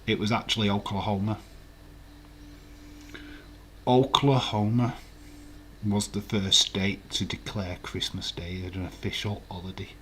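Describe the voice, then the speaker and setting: A man's voice: lowish voice, fairly bright tone, slight background noise. A man hosting a casual quiz live stream, reading out viewers' answers and swearing now and then.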